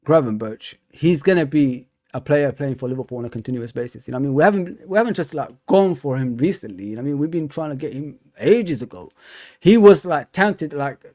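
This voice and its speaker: A man's voice: a little high, dark tone. A young man, hosting a live stream and chatting casually with his viewers, rambling and repeating himself with lots of fillers. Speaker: fan channel host. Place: home.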